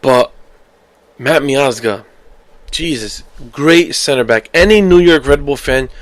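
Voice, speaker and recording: A man hosting a casual solo soccer podcast, rambling and animated, flaring into heated outbursts. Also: mid-range voice, dry recording. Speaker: podcast host.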